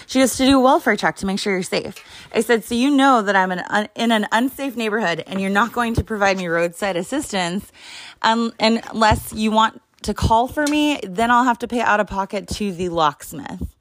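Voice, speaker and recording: A woman's voice: medium pitch, normal speed. A young woman telling a frustrating story at home in a casual, profane, exasperated way while she hunts for her clothes. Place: at home, moving around looking for things.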